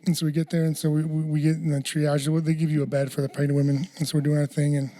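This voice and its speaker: A man's voice: fairly high pitch, little pitch movement, quick pace, mellow, slight background noise. A man hosting a casual podcast chat, telling a rambling story with lots of restarts and casual swearing. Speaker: podcast host.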